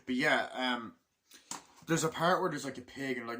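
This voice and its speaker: A man's voice: medium pitch, animated, normal speed, bright, forceful tone. A man giving a casual film review in a rambling way, with lots of fillers, swearing and laughter. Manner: rambling, full of fillers and profanity, laughs often.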